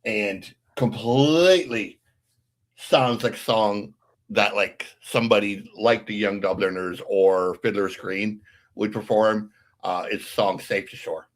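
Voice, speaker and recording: A man co-hosting a podcast in casual chat, easygoing and filling his pauses with "uh". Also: on the low side, fairly even intonation. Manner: easygoing, with many filler "uh"s.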